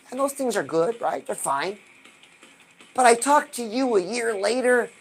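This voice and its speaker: A woman hosting a live stream, giving an animated motivational talk and asking her viewers rhetorical questions. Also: medium pitch, unhurried, husky. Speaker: livestream host.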